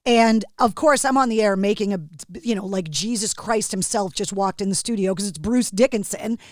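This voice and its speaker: A woman radio host and podcaster telling an anecdote in a lively, animated way during a casual interview. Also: medium pitch, moderate pace, no room sound, clean studio sound.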